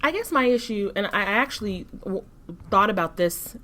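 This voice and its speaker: A woman co-hosting a casual commentary chat, speaking in a thoughtful, measured way. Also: medium pitch, expressive, pushed and bright, a little hiss or hum. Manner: thoughtful, measured, some restarts. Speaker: co-host.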